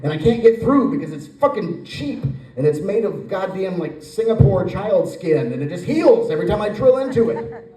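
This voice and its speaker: A man in his forties tells a rambling stand-up story, slipping into acted voices along the way. His voice sits a little high for a man. It is heard from some distance in a roomy, echoing space. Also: animated, normal speed, mellow. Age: 40s. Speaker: stand-up comedian. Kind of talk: stand-up comedy set. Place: brewery stage with live audience.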